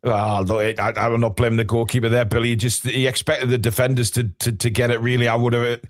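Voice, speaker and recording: A man hosting a live football watchalong, excitable, shouting and swearing when goals go in. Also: mid-range voice, fast talker. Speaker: fan channel host.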